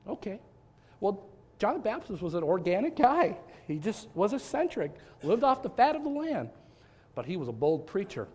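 Animated, high-voiced male pastor preaching. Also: a little fast, slightly rough. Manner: animated, with repeated restarts and rhetorical questions. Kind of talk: sermon.

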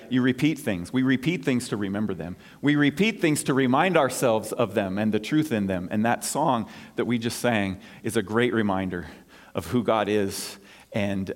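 A man's voice: medium pitch, expressive, normal speed. A male pastor preaching a sermon in a church, stressing his points through repetition. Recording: long church reverb.

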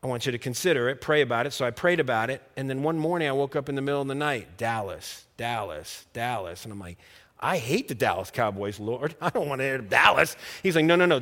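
A middle-aged man preaching a sermon, telling a story with acted-out dialogue and building to loud, emphatic preaching. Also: medium pitch, long reverb tail. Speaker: pastor.

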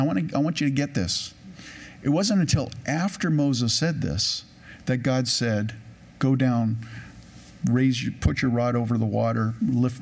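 A man's voice: mid-range voice, vocal fry. A man preaching a conversational sermon, reading scripture aloud and explaining it, with frequent restarts and self-corrections. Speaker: pastor.

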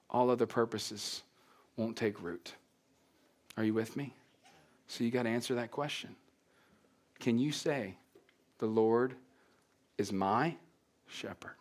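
Preacher with a higher voice. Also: male voice. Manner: engaging, asks the congregation questions, drops to soft near-whispers. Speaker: pastor. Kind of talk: sermon.

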